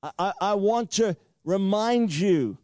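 Older man, preacher, sermon, earnest, repeats phrases, high voice, dry close sound. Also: lively intonation, slow, darkish tone, no echo. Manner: earnest storytelling with frequent repeats.

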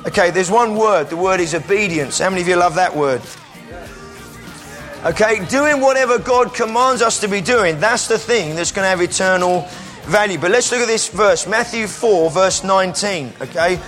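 A man preaching an energetic sermon in church, calling volunteers up and sometimes breaking into shouts. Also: sits high, moderate pace, soft background music. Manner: energetic, calls out to the crowd, bursts into shouts.

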